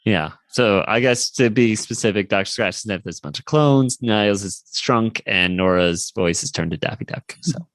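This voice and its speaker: A man's voice: fairly low pitch, animated, moderate pace, few pauses, fairly bright tone, no echo. A man co-hosting a podcast, recapping a cartoon episode in a rambling, casual way. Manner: rambling recap, with frequent fillers and laughs. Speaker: podcast co-host.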